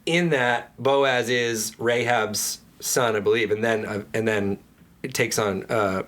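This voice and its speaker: Man, podcast co-host, easygoing casual chat, playful, medium-pitched voice. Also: fairly even intonation, takes it slowly, fairly bright tone. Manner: easygoing, agreeable, playful mock-grand segment intro. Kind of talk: casual comedic movie review chat.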